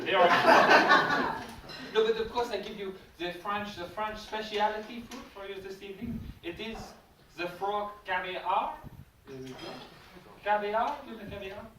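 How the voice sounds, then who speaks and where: A man's voice: high-pitched, moderate pace. A man performing a live comedy magic act at a party, joking with the crowd in a put-on French waiter voice. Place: golf club function room. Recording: echoey function room from far off, loud party noise.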